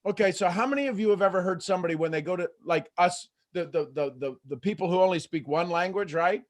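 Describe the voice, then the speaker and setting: A man with a high-pitched voice coaches a live call. He is animated and acts out inner voices as he talks. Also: fast talker. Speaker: host and motivational coach.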